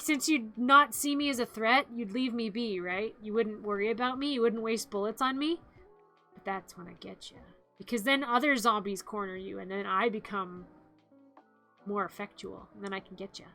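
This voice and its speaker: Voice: mid-range voice, sharp tone. A streamer chatting casually on a live stream, in a playful, giggly way, acting out zombie growls and screams.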